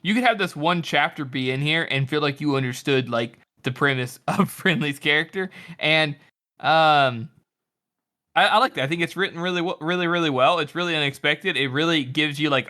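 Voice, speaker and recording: A man's voice: on the high side, moderate pace, sharp tone. A man co-hosting a book podcast, chatting casually and teasing the others. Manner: chatty and teasing, with frequent laughs. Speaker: podcast co-host. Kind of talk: casual book-discussion chat.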